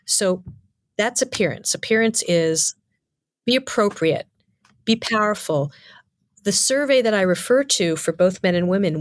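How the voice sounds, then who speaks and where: A middle-aged woman, a communication lecturer, giving clear, emphatic interview answers full of lists and rhetorical questions. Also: mid-range voice, dry recording, clean studio sound.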